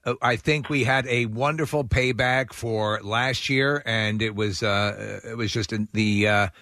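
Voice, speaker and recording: A man's voice: on the low side, fairly even intonation, unhurried, pushed and bright, no room sound, clean studio sound. A man co-hosting a radio show, chatting casually and laughing along with callers. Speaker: radio co-host.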